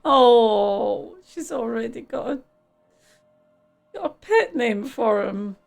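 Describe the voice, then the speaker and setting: A woman streams a game live, chatting and laughing easily while she reads the text aloud. Her voice sits a little high with a gravelly fry. Faint music plays underneath. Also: expressive, takes it slowly. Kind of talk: live gameplay commentary and reading aloud.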